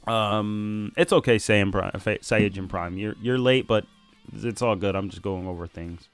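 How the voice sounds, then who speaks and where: A man's voice: lowish voice, measured pace, smooth, soft background music. A man casually chatting on a live stream while reading and analysing comics, laughing often.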